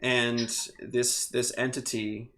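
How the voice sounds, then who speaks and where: A man running a tabletop game as game master, describing scenes in a relaxed way with fillers. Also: mid-range voice, takes it slowly.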